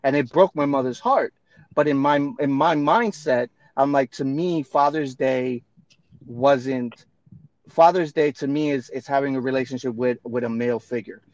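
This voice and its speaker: A podcast co-host with a medium-pitched voice speaks at normal speed in a dry, dull-sounding recording. In casual chat, he tells personal stories bluntly and emphatically, swearing casually as he goes.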